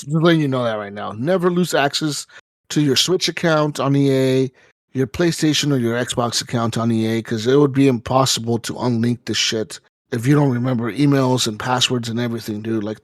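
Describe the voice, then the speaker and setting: A man co-hosting a gaming podcast, ranting in a casual, profane and animated way. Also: mid-range voice, fairly quick, dry recording, studio quality. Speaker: podcast co-host. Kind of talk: casual chat.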